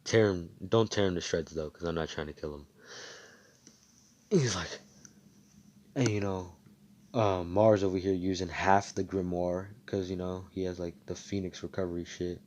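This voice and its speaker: A man's voice: low voice, fairly even intonation, normal speed, pauses often, a little mellow. A young man casually retelling his own fan-fiction story over voice chat, rambling and swearing with lots of fillers.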